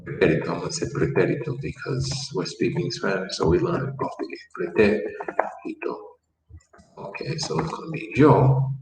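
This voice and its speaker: A man's voice: sits low, lively intonation, normal speed, darkish tone. A man teaching a Spanish lesson, patiently repeating words and explaining step by step. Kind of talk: classroom language lesson. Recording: echoey room, mic far off, faint background noise.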